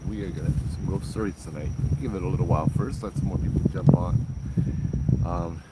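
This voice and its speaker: Laid-back man, very deep voice. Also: brisk. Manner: relaxed, chatty, greets viewers by name. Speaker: host of a live ghost story stream. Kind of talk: casual live-stream chat outdoors. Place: outdoors at night in a rural spot. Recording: outdoor night noise, crickets. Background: crickets and insects.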